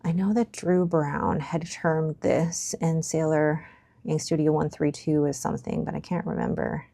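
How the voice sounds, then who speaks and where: A woman's voice: low-pitched, steady tone, a little slow, gravelly, warm tone, dry recording. A young woman chatting casually as she reviews and swats fountain pen inks, musing aloud and sometimes dropping to a near whisper. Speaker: stationery vlogger. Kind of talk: casual ink swatch review.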